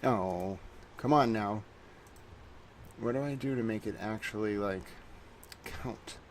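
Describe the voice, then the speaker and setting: A man's voice: fairly low pitch, slow pace, a little hiss or hum. A man hosting a casual livestream, rambling to his chat while he fiddles with on-screen settings. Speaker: livestream host.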